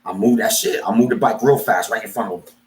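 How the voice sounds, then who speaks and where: A man's voice: fairly low pitch, fast. A man telling a story in casual talk, acting out both sides with quoted voices. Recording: echoey room.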